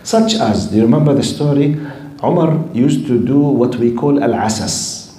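Teaching Islamic history to a live audience, this male lecturer keeps asking the class questions and uses Arabic terms throughout the recorded lesson. He has an animated, dark, mid-range voice at normal speed, captured in a roomy space on a rough recording.

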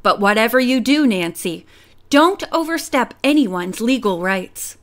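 A woman's voice: on the high side, animated, measured pace, a bit bright. Woman voicing a cautious middle-aged father for an audiobook; serious and warning.

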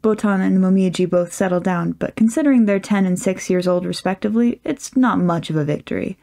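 A woman reading a fan fiction story aloud with lively, wry storytelling. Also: medium pitch, a little fast, creaky. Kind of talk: audiobook narration.

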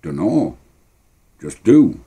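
A man's voice: deep voice, sing-song, very slow, mellow, breathy edge, exaggerated voice. A man voicing a bossy young boy who lays out the plan in a matter-of-fact way.

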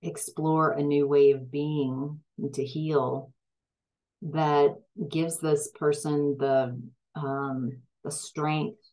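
A woman's voice: deep voice, flat delivery, very slow, darkish tone, low-quality recording. A woman giving a tarot reading, hesitant and full of fillers and restarts, growing emphatic at times. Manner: gets emphatic when frustrated. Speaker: tarot reader.

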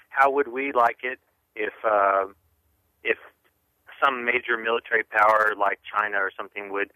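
A man calling in to a radio show, asking his question hesitantly with many pauses and fillers. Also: on the low side, no echo. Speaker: caller. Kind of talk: call-in question. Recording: tinny phone line.

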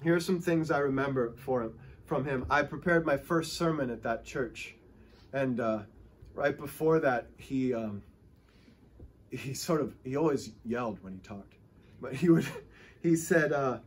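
A man's voice: mid-range voice, moderate pace, a little hiss or hum. A male pastor preaching a sermon, telling stories with emphatic, rising and falling delivery.

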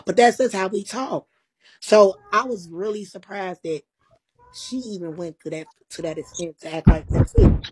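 A woman guest telling a long story in a casual, animated, profane way, full of quoted back-and-forth dialogue and sounding tired. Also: medium pitch, moderate pace, slightly rough, rough recording.

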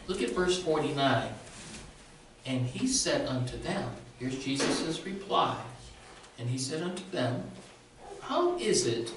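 A male pastor with a sore throat preaches a conversational sermon, frequently checking in with his congregation. His voice is medium in pitch, and the recording has background noise, a very echoey room, and a distant mic.

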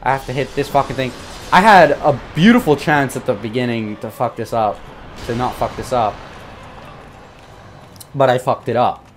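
A man's voice: medium pitch, moderate pace, long pauses, faint music behind. Swearing young man commentating a game. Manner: frustrated, swearing, muttering, bursts of yelling. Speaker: gaming YouTuber. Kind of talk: profane live gameplay commentary.

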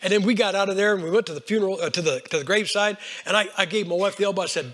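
An older man preaching a folksy storytelling sermon, swinging between hushed lines and loud bursts. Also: high-pitched, lively intonation, quick pace, few pauses. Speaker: Baptist preacher.

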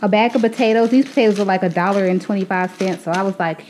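A young woman with a medium-pitched, slightly mellow voice talks fast in a rough recording with a little hiss or hum. At home, she casually shows her grocery haul as a vlogger, chatting to "y'all" and a little out of breath.

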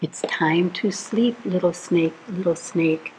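A woman reading a bedtime picture book aloud to children, gentle and soothing, asking the listener little questions as she goes. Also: on the low side, slow pace, few pauses, a little hiss or hum, rough recording. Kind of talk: read-aloud storytime.

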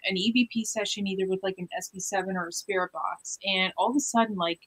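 Woman ghost hunter rambling thru a story, mid pitch, lots of likes. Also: steady tone, fast talker, fairly bright tone, breathy edge, rough recording. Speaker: paranormal investigator. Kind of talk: casual storytelling.

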